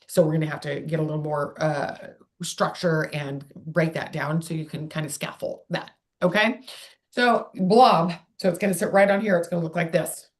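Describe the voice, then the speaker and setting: A woman's voice: deep voice, fairly even intonation, moderate pace. Chatty woman teaching tongue exercises. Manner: chatty, digressive, demonstrates sounds aloud. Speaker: speech therapist. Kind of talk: live online workshop teaching.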